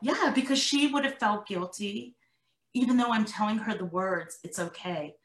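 Her voice on the high side and her pace moderate, a middle-aged woman who works as a parenting coach shares stories in a podcast interview. She's an animated storyteller who acts out her own and her daughter's lines, recorded in an echoey room.

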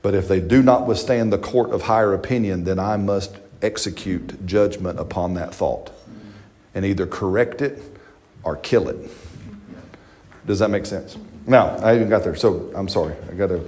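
A man, a pastor preaching a sermon in church in a folksy, animated way full of rhetorical questions. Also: low-pitched, normal speed.

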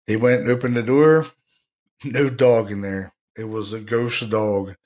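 A man with a fairly low voice tells a ghost story at a relaxed, rambling pace. He chuckles now and then and keeps it casual, like he's talking with a friend. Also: unhurried. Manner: rambling, laid-back, laughs while telling stories. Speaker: podcast host, paranormal investigator.

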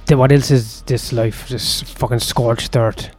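A man's voice: medium pitch, fairly even intonation, measured pace, husky, faint music behind. Brief: man voicing grieving farm wife, middle-aged, nerves shot, anguished pleading. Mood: distraught.

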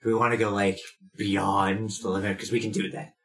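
Eager joking man, lowish voice. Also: level tone, fairly quick, a bit bright. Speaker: player. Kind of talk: casual tabletop game play.

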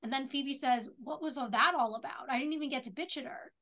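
A young woman with a bright, fairly high voice co-hosts a casual podcast. She retells a TV episode scene by scene, reading out the characters' lines in a steady chatty flow. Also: quick pace. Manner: retells scenes at length, reading out dialogue with many "she says". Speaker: podcast co-host. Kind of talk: casual chat and episode recap.

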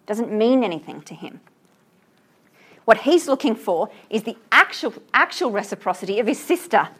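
A woman's voice: fairly high pitch, very animated, a bit bright, husky. Enthusiastic woman teacher lecturing on poetry. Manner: enthusiastic, reads verse aloud slowly, asks the class questions. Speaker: literature teacher. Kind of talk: classroom lecture on a poem.

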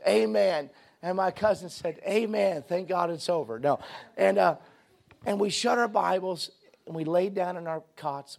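A man preaching a sermon, telling his own testimony with halting restarts that build into a fervent preaching cadence. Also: on the high side, gravelly.

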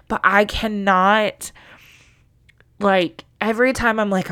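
A woman's voice: mid-range voice, steady tone, slow, pauses often, a bit bright, clear, resonant tone. A young adult woman co-hosting a casual book podcast, talking emotionally and swearing freely. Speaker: podcast co-host.

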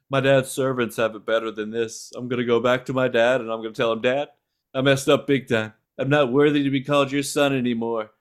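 A man doing a bragging older politician. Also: lightly acted. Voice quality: lowered, drawling cadence with repeated "folks". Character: boastful older male politician, folksy bragger. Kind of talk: comic impression reading a parody text.

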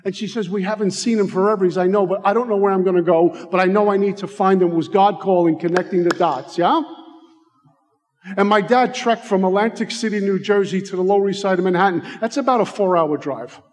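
A middle-aged American man tells his recovery story in a heartfelt way, drawing out key words. His voice sits high for a man. It rings with the long reverb of a large hall. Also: a little mellow. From United States. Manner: heartfelt, slows down for emphasis. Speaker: recovery speaker. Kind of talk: personal testimony talk.

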